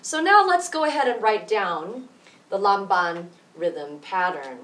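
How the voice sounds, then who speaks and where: A woman music teacher explaining rhythm slowly and patiently, counting beats out loud. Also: medium pitch, animated, recorded from a distance. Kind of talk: rhythm tutorial with counting aloud. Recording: echoey room, voice from off mic.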